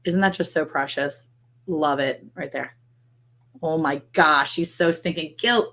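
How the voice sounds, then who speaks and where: A middle-aged woman hosting a casual livestream chat, gushing and telling stories in a chatty, animated way. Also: sits low, measured pace. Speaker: livestream host.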